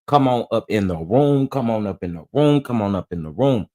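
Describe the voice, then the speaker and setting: A man's voice: fairly low pitch, animated, brisk, dark tone. A man hosting a casual live stream, greeting viewers one by one in a drawling, affectionate way. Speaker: livestream host.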